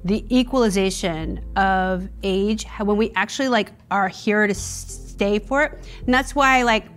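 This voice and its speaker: A woman's voice: mid-range voice, measured pace, soft background music. A woman in her fifties, a comedian guest in a casual interview, talking in a reflective way. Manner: reflective, drops to a breathy whisper for emphasis.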